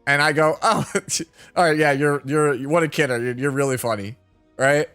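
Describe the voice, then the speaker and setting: A man's voice: a little high, fairly even intonation, moderate pace, fairly bright tone, smooth. A man in his thirties, a streamer, telling a rambling story to his chat with lots of filler words and frequent laughter. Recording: faint music behind.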